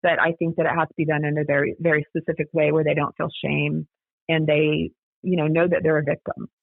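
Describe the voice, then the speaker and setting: A woman's voice: sits low, level tone, brisk, vocal fry, no room sound. A woman guest telling her story in a chatty, casual way, full of "like" and "you know", heard over a remote call. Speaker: guest, daughter of a scam victim. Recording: tinny phone-line sound.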